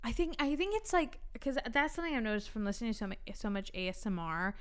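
Giggly rambling young woman, smooth voice. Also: a little high, sing-song, quick pace. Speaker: podcast co-host. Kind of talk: casual chat.

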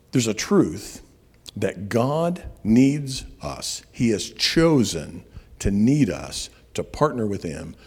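A man preaching a sermon, telling stories and slowing down on key words for emphasis. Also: on the low side, darkish tone, slightly rough. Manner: storytelling preacher, slows for emphasis. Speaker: pastor. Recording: long reverb of a large hall.

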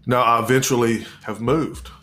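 A man in his forties telling a personal story in a measured, reflective way, pausing and restarting as he goes. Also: mid-range voice, fairly even intonation, a bit bright, soft background music.

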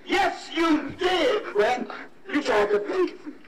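An actor playing an intense male hitman who shouts threats and recites scripture like a preacher, heard as a film clip played back from a distance. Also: very high voice, expressive, slow, over a noisy crowd, full character voice. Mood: menacing shouting. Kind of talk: film dialogue.

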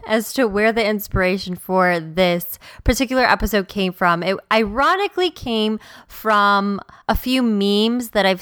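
A woman hosting a solo podcast as a stylist, excitable and emphatic, prone to rambling. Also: medium pitch, clear, resonant tone, no echo.

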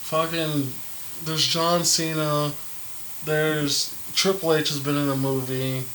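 A young man with a fairly high voice, chatting casually on a podcast. He swears freely and slips into acted-out quotes. Faint noise hums under the recording. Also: slow pace. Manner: profane, animated, acts out quotes. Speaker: podcast co-host. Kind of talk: casual chat.

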